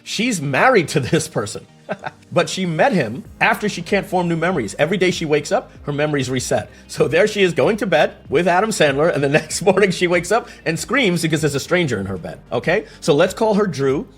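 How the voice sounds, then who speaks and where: A man's voice: on the high side, a little fast, slightly rough, soft background music. A man giving a casual screen-share explanation, telling stories and asking rhetorical questions as he goes. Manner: animated, storytelling, rhetorical questions. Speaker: tech explainer.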